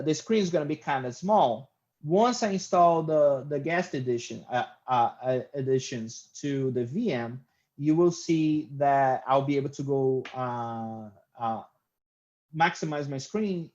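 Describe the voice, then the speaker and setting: Guy walking thru software settings, kinda high voice, lots of uhs, muffled computer mic. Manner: loose, hesitant, many "uh" fillers. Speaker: IT instructor. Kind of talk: screen-recorded software tutorial.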